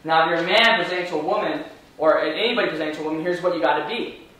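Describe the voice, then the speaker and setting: An energetic man trains a room of salespeople, firing rhetorical questions at his audience. His voice sits high and he talks fast. He is recorded from far off in a very echoey room. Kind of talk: live training seminar.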